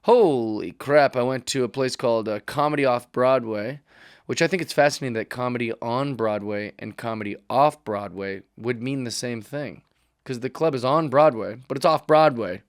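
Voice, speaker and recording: A man's voice: medium pitch, normal speed, dry recording. A man, a comedian hosting his own podcast, talks in a rambling, wry, self-mocking way into a studio mic while wearing headphones. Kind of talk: casual podcast monologue.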